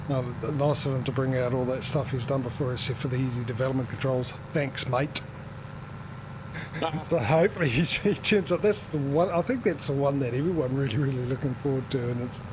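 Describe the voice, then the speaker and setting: A man's voice: medium pitch, noisy background. A man hosting a casual gaming livestream, rambling chattily with sarcastic asides. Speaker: livestream gamer host.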